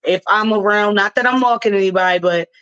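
She's a fast-talking talk radio host from Baltimore with a clean, fairly bright, medium-pitched voice, though the audio itself is dull. Her casual commentary comes in that Baltimore accent, loose and slang-filled, with plenty of laughs.

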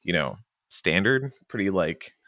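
Brief: podcast host, man, very low voice, excited, dry close mic. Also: a little slow, no echo. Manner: enthusiastic, animated, often mimics characters. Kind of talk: casual game discussion podcast.

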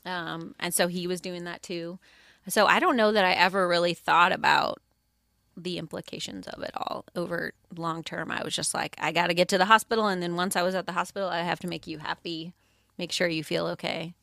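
This is a woman with a fairly low voice for a woman, talking through a personal story in a relaxed podcast chat. She is candid, laughs easily, and sounds close-miked and dry. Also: a little fast, creaky, no room sound. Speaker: podcast guest, spouse of a first responder. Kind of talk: casual interview chat.

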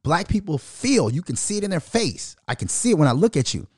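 A man's voice: a little high, big pitch swings, brisk, a little mellow, husky, no echo, clean studio sound. A man hosting a podcast, ranting aggressively and venomously with constant profanity. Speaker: podcast host. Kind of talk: heated podcast rant.

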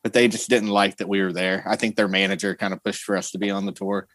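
A man's voice: low-pitched, flat delivery, quick pace, fairly bright tone, no room sound. A man co-hosting a podcast, talking about touring in a laid-back casual chat that trails off at the ends. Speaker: podcast co-host.

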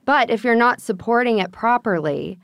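A woman guest on a podcast, an actor and singer, patiently explaining how to warm up and support the voice. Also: on the high side, animated, moderate pace, creaky, no room sound, studio quality. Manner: patient, instructive. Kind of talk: explaining vocal technique.

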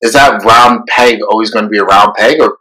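A man co-hosting a podcast, talking casually and animatedly, jumping up in pitch for emphasis. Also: fairly quick, pushed and bright, poor audio. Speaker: podcast co-host. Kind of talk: casual conversation.

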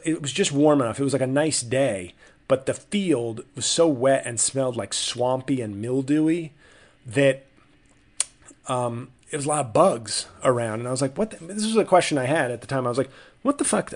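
A man hosting a comedy podcast, telling a rambling, profane story with mock outrage and frequent restarts. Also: mid-range voice. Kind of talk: rambling comic monologue.

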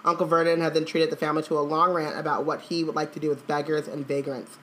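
A woman co-hosting a show, reading a book aloud and talking it over in a lively, emphatic, slangy way. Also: sits low, fast talker, a little hiss or hum. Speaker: podcast co-host reading aloud. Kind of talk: book reading and casual chat.

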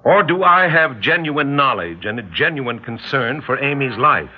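A man's voice: mid-range voice, animated, moderate pace, close to an everyday voice. A man playing an insistent, probing psychologist in an old radio drama, talking in an intense, persuasive way. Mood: urgent. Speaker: doctor and hypnotist. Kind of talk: 1950s radio drama acting. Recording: dull lo-fi old radio recording.

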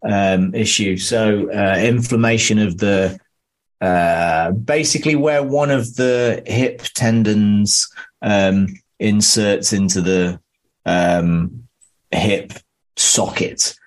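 Male sports-science pundit, 40s, lowish voice, lively and stop-start. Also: slow. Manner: animated, restarts mid-thought. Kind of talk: casual chat and explanation.

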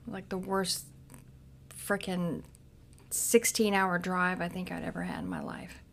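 Gravelly-voiced woman telling her story. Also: lowish voice, big pitch swings, slight background noise. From Cincinnati, United States. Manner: frank, halting, with many restarts. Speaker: podcast guest. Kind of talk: candid personal storytelling.

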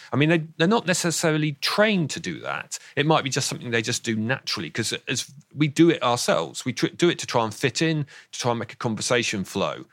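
An enthusiastic expert on voice and speech, a guest on a radio interview with a southern English accent, explains things and occasionally laughs. He tends to repeat words as he starts sentences. The studio sound is clean with no room sound, and his voice is medium-pitched and fairly bright.

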